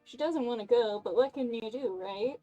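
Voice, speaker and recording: Lady voicing a chatty young game character on the phone, upbeat and loud, fairly high voice. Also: moderate pace, lo-fi sound, faint music behind, close to an everyday voice. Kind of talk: game voice acting.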